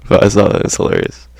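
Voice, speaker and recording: A vlogger with a darkish voice rants casually to camera, his slangy, profane talk peppered constantly with "bro." There's slight background noise.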